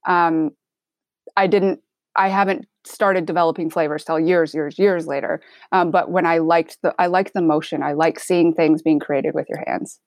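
A woman's voice: deep voice, moderate pace, no echo. A woman from Michigan with a half Midwestern accent, a chef talking casually and candidly in an interview. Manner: relaxed, candid, chatty with filler words. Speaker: chef guest.

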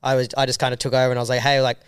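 Man, casual rambling storyteller, smooth voice, dry close sound. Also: medium pitch, racing, no echo. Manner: animated, rambling with many fillers. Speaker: documentary filmmaker guest.

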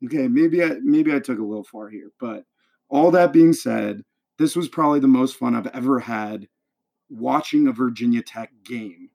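A man's voice: mid-range voice, moderate pace, gravelly, darkish tone. Enthusiastic male sports podcast host. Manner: enthusiastic, dramatic storytelling.

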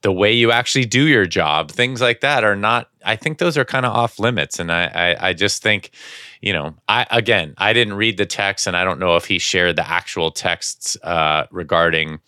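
Low, bright-toned man on a podcast. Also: no echo, clean studio sound. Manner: measured, hedging, with fillers and restarts. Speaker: podcast co-host. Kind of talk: casual sports chat.

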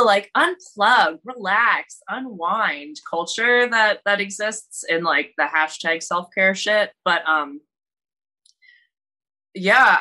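A woman talking candidly on a podcast with a lowish, bright, forward voice. She swears casually and circles back on her sentences as she thinks. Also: rough recording. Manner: candid, swears freely, halting restarts. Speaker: wrestling show organizer.

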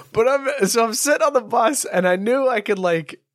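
A man's voice: very high-pitched, moderate pace, no echo, clean studio sound. A man telling a rambling, profane comedy story in casual podcast chat. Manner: rambling, profane, self-mocking.

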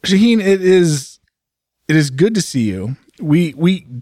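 A man hosting a podcast in casual, teasing banter, sounding sick and rough. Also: high voice, animated, measured pace, a little mellow, dry recording, studio quality. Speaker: podcast host.

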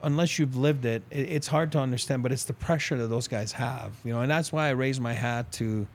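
Speaking briskly in a mid-range voice, a former pro hockey player in middle age rambles through animated stories on a relaxed podcast interview. He performs the dialogue himself, quoting people and laughing along the way.

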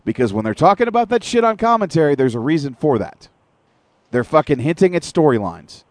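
A man's voice: fairly high pitch, sing-song, brisk, darkish tone, dry recording. A man co-hosting an internet radio show, ranting in casual, profane wrestling talk with long detailed recaps. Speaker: podcast co-host.

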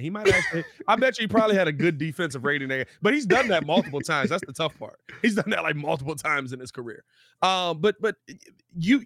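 A man co-hosting a casual sports podcast, talking in animated, emphatic riffs. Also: fairly high pitch, no echo, clean studio sound. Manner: animated, emphatic riffing with dramatic pauses.

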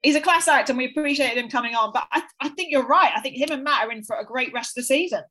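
A woman hosting a golf podcast in an upbeat, appreciative way, quick to laugh. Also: high-pitched, sharp tone, rough recording. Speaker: podcast host. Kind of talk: casual chat.

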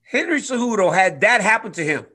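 A man in his twenties telling a story in casual chat, animated, swinging from loud to quiet. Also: high voice, a little fast, slightly rough. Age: 20s. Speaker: guest fighter.

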